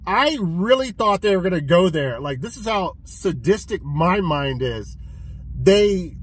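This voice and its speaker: A man casually reviewing a film he watched, retelling the plot in an excitable, profane way with many restarts. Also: high voice, a little hiss or hum, rough recording. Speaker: physical media collector reviewing films.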